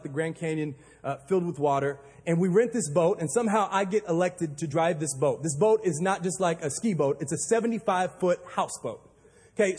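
A male pastor preaching a sermon, telling a story with animated delivery and acting out panicked quotes. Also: high voice, husky. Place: church auditorium. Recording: long hall reverb.

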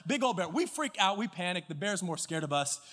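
A male pastor preaching a sermon, telling a story with acted-out dialogue and lively delivery. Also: sits high, fairly quick, big-room sound. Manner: animated storyteller, acts out dialogue and shouts at climaxes. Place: church auditorium. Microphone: stage mic with floor monitor.

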